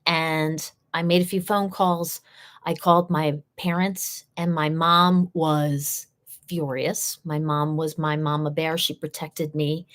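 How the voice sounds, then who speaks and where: This woman's voice sits low but has a fairly bright tone. She's running a live session, recounting something personal with sincerity and circling back to key phrases to stress them.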